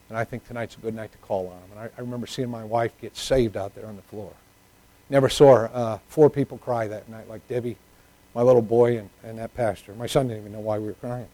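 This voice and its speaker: A middle-aged man preaching a sermon, moving from hushed personal stories to loud, emphatic preaching. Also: mid-range voice, steady tone, quick pace, poor audio.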